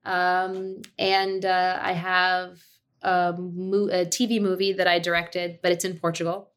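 A woman's voice: fairly low pitch, measured pace, smooth. A woman in her thirties, a guest on a podcast, telling a family story in casual chat and acting out the lines she quotes. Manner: animated storyteller, acts out quotes, laughs easily. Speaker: podcast guest, actor and director.

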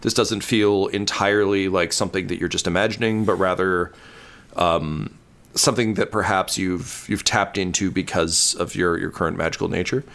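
A man narrating a tabletop role-playing game as game master, halting with many ums and uhs. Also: low voice, steady tone, gravelly, a bit bright.

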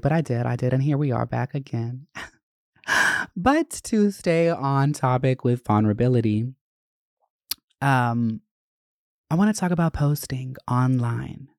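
Creaky-voiced woman podcast host rambling. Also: rumbling low, warm tone, dry recording, studio quality. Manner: rambling, profane, full of "like" and "you know". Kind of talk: casual chat.

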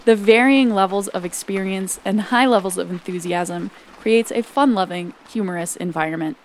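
A woman narrates a documentary in a bright, upbeat way. Her pitch is middling, and a faint background hiss sits behind her. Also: moderate pace, rough recording.

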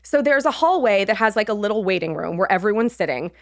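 A woman's voice: mid-range voice, lively intonation, fast, no echo, clean studio sound. A woman in her forties, co-hosting a podcast, chatting casually and acting out a funny story, playing the other people's lines with big jumps in her voice. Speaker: podcast co-host. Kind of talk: casual chat, animated storytelling.

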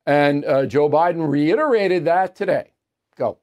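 Speaking a little slowly in a fairly high, darkish voice, this man hosts an opinionated news commentary show from a studio, earpiece linked to producers. His delivery is indignant and sarcastic, laced with scoffing asides.

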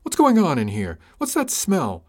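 A man voicing a woman ship's officer, pitched up and sharp. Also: huge pitch swings, moderate pace. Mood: alarmed.

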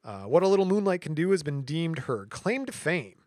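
A man's voice: on the high side, big pitch swings, normal speed, a little mellow, no echo, clean studio sound. A man co-hosting a podcast, casually walking through history notes with jokes and stumbles over words. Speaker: podcast co-host.

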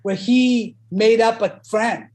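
A man co-hosting a comedy podcast, playful, quick to laugh and riff on jokes. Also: extremely high pitch, fairly even intonation, darkish tone. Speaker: podcast co-host.

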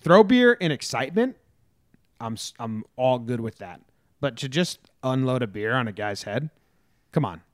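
A young man talking sports in a mid-pitched voice, often hesitant and full of fillers. The sound is dry and close. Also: big pitch swings, normal speed, dry recording. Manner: chatty, hesitant with many fillers. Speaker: sports podcast co-host. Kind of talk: casual sports chat.

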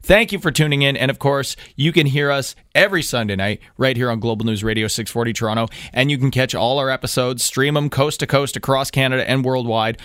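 A man hosting a casual comedy radio show at a studio microphone, upbeat with quick interjections. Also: medium pitch, a bit bright, smooth, no room sound. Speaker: radio host.

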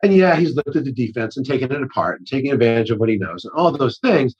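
A husky-voiced man in his forties talks loosely and at length. He trips over restarts and slips into acted-out quotes. The audio sounds a little dull and muffled. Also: mid-range voice, expressive, fast talker, darkish tone. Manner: rambling, self-interrupting with many restarts and acted-out quotes. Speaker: actor-director guest. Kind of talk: casual storytelling conversation.

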